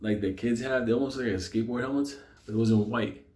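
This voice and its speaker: A man spins a street story in loose, casual talk, swearing freely and breaking into laughter. His voice sits at an ordinary middle pitch, and the recording carries a roomy echo. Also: fast. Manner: profane, animated, laughs often.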